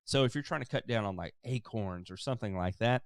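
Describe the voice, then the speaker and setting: A man's voice: on the low side, brisk, clear, resonant tone, no room sound, studio quality. A man hosting a live-stream lawn care help desk, casually reading viewer questions and answering them at length with many fillers. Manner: relaxed, explanatory, many fillers.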